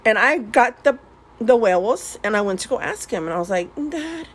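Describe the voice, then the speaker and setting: A woman's voice: medium pitch, animated, brisk. A woman telling her life story in a casual vlog, rambling, laughing often, swearing and dropping in Spanish words. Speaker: vlogger. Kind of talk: casual storytelling while swatching paints.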